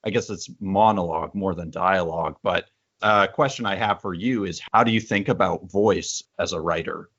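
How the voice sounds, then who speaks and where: Deep-voiced male interviewer. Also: moderate pace, a bit bright, breathy edge. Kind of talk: interview questions, reading a quoted passage. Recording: dull, muffled sound.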